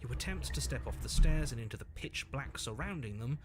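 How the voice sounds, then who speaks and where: A man voicing the narrator of a video game, measured and matter-of-fact. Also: mid-range voice, lively intonation, lightly acted. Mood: calm.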